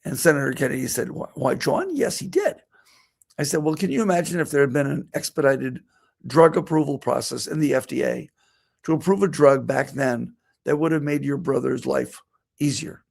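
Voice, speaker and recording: Man, middle-aged, very gravelly voice, veterinarian speaker, storytelling anecdote. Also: mid-range voice, fairly even intonation, fairly quick. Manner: storytelling, quoting himself and others. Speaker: veterinarian giving a talk. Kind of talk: personal anecdote in a speech.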